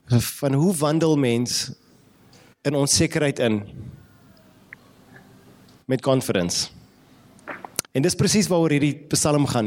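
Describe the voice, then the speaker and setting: A man who speaks with an Afrikaans accent, a pastor preaching a sermon to a congregation in a church, earnest and full of restarts, slowing down to stress key words. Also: a little high, a little mellow.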